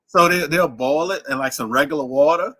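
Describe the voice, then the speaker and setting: Podcast co-host: a man from Louisiana with a New Orleans accent, bright and animated, fairly high voice. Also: a little fast. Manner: animated storyteller, laughs often, slips into character voices. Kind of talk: casual chat.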